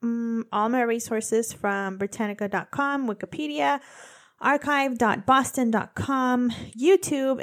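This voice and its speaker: A young woman with a fairly high voice co-hosts a podcast in quick, chatty bursts, full of "like." She also moves into narrating a true crime story. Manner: quick, chatty, says "like" a lot. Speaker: podcast co-host.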